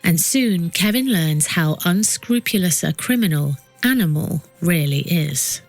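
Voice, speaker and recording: A woman narrating a documentary podcast from a script, with a measured delivery that builds suspense. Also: on the low side, expressive, faint music behind.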